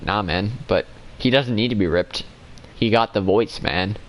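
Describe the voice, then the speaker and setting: A man's voice: fairly low pitch, a little slow, a little hiss or hum, poor audio. Rambling young-sounding man chatting while gaming. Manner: rambling, self-correcting, laughs often. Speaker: gamer chatting with a friend. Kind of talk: casual chat while gaming.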